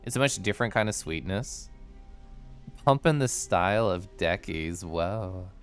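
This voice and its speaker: A man's voice: low voice, measured pace, clean tone, soft background music. A man streaming a game, chatting casually in a bubbly, giggly, theatrical way. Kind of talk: casual livestream chat over gameplay.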